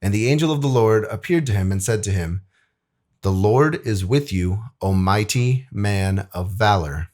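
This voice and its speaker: A man's voice: on the low side, normal speed, darkish tone. A young man in an easygoing Bible lesson. He speaks loosely and chattily, full of fillers, and slips into reading scripture. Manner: loose and chatty, many "like"s, acts out quotes. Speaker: video editor presenting a Bible lesson.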